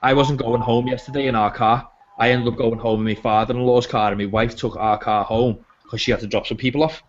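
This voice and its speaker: Male host, chatty and jokey, mid pitch, muffled call audio. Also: steady tone, brisk, background noise. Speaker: podcast host. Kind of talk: casual chat. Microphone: video call.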